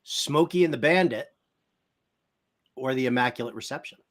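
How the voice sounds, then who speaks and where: A man's voice: medium pitch, normal speed, a bit bright. A man hosting a casual sports talk show, playfully quizzing his guest in a teasing, game-show manner.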